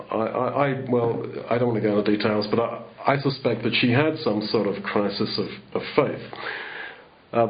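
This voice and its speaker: A man's voice: fairly low pitch, lo-fi sound. A man giving a sermon in a rambling, conversational way, full of restarts. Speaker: preacher.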